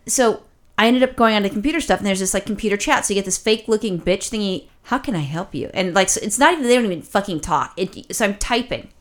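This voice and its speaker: Woman co-host, casual chat. Profane, exasperated storyteller, rambling and animated. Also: medium pitch. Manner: animated, rapid rambling with restarts. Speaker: podcast co-host.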